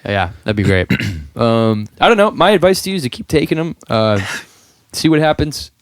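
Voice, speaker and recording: A man's voice: medium pitch, big pitch swings, normal speed, clear, resonant tone, no room sound, studio quality. Playful man in casual podcast banter. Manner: playful, laughing, rambling banter. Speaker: podcast co-host. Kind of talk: casual chat.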